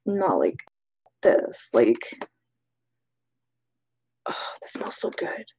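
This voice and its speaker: A woman's voice: rumbling low, wildly swooping pitch, extremely slow, gravelly, warm tone, husky, muffled recording, pitched below the performer's own voice, exaggerated voice. A woman voicing a hungry, awestruck female adventurer in a tabletop game, half-whispering. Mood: awed.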